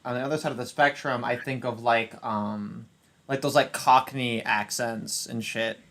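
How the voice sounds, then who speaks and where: A man's voice: mid-range voice, steady tone, vocal fry, fairly bright tone, a little hiss or hum. Brash, swearing American man. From United States. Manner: brash, sweary, laughing, halting restarts. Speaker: channel host. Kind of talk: casual chat.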